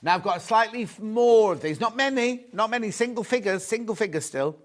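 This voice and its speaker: A man's voice: high voice, lively intonation, fairly quick. A man presenting a live shopping show, chatty and gushing, repeating his phrases as he shows off fabrics. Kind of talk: live sales chat.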